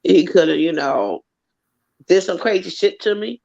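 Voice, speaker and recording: A woman telling a long story in casual chat, animated and swearing freely. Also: lowish voice, unhurried, creaky. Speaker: co-host. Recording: dull lo-fi audio.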